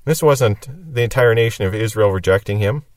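A man's voice: on the low side, a little fast, dry recording, far from the mic. Man teaching scripture, a little off-mic. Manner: explanatory, reads verses then comments. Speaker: Bible teacher. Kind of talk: verse-by-verse Bible teaching. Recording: dry sound from off the mic.

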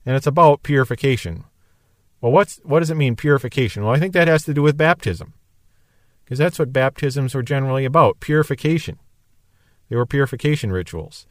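A man's voice: mid-range voice, lively intonation, fairly quick, dry recording, clean studio sound. A man teaching verse by verse from the Bible, explaining in a musing, conversational way.

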